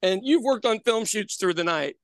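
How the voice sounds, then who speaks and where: A man's voice: high-pitched, normal speed, no echo. A man around sixty, telling stories in casual, profane chat as a podcast host. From Ireland. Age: about 60. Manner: animated storyteller, swears freely. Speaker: podcast host and pub owner.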